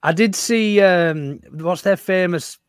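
A man with a slightly higher voice, telling an anecdote on a football podcast and trying out silly accents as he goes. The sound is dry and close to the mic. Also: slow pace, clear, resonant tone, no echo. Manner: storytelling, tries silly accents. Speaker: podcast guest. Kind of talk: casual football podcast chat.

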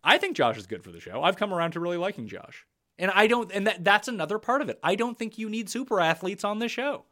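A man's voice: high voice, big pitch swings, quick pace, pushed and bright. A man hosting a podcast, chatting casually and bluntly about a reality show. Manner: blunt, opinionated. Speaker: podcast host.

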